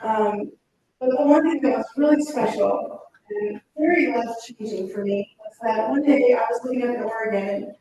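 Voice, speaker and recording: A woman giving an earnest, reminiscing personal eulogy at a funeral, pausing often with fillers as she speaks from a pulpit. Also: a little high, mellow, far from the mic, slight background noise. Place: church chapel. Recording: very echoey chapel, speaker off-mic.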